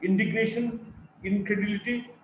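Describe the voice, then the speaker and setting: A man's voice: sits high, flat delivery, normal speed. A male college lecturer from India with a Bengali-influenced Indian English accent, giving a recorded lecture and reading out terms and examples one after another. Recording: echoey room, from a distance, faint background noise.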